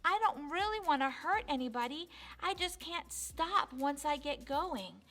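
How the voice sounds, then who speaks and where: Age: adult. Figure: a woman reading a young storybook cow with a temper. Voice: high, bright. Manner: plain, lightly acted quoting. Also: lively intonation, unhurried. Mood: regretful. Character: angry young female cow who can't control herself.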